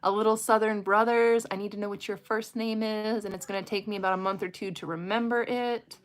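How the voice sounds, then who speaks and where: A woman's voice: medium pitch, fairly even intonation, brisk. A woman, casually chatting with viewers on a late-night livestream from home. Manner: chatty, talks directly to viewers. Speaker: livestream host.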